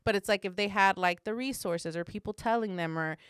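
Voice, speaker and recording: Candid woman with a smooth, clear voice. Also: mid-range voice, brisk, no echo, studio quality. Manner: candid, animated, acts out parent and child voices. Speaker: podcast co-host. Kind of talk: casual conversation.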